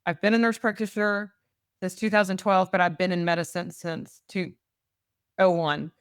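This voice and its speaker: Earnest low-voiced woman guest. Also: fairly even intonation, normal speed, clear, resonant tone, no echo, clean studio sound. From Texas. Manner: earnest, emotional storytelling. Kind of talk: faith-based podcast interview.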